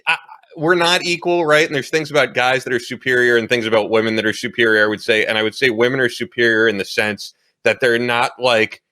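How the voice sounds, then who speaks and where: A man's voice: mid-range voice, fairly even intonation, a little fast, pushed and bright. Easygoing, laughing male podcast host. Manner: easygoing, laughs often, uses "like" a lot. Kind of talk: casual chat and host-read ad.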